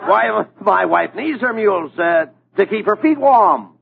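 A man's voice: high-pitched, expressive, measured pace, creaky, slight background noise. Exasperated straight man, old radio comedy. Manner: exasperated, bossy, breaking into laughter. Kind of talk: 1940s radio comedy acting. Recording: lo-fi 1940s radio with studio audience.

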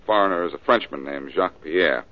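An actor in an old radio drama playing a cocky, wisecracking reformed-thief detective. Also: male voice, extremely low pitch, fairly quick. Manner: dry wisecracks, easygoing. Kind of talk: 1940s radio acting. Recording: dull old radio broadcast.

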